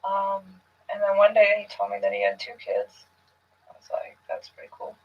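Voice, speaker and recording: A woman answering questions in a recorded police interview, hesitant and soft, often trailing off into near-whispers. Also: mid-range voice, big pitch swings, moderate pace, gravelly. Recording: muffled, distant room recording.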